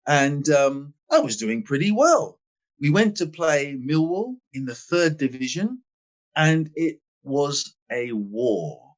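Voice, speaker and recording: Animated older man telling stories. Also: fairly high pitch, takes it slowly. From England. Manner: emphatic, swings between loud stress and quiet asides. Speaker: guest, former footballer. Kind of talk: animated storytelling in a podcast interview.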